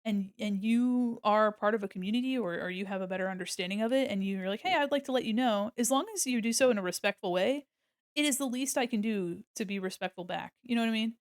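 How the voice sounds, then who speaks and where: A woman's voice: medium pitch, fast talker, dry recording, clean studio sound. An American woman with a neutral General American accent, chatting casually with viewers while drawing on stream, rambling and laughing often. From United States. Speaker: art streamer.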